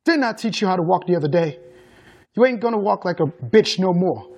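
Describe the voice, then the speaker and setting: A woman's voice: fairly low pitch, animated, a little fast, darkish tone, slightly rough. A man voicing a furious, abusive mother who roars slangy threats. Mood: stern scolding. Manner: roaring, scolding in slangy speech.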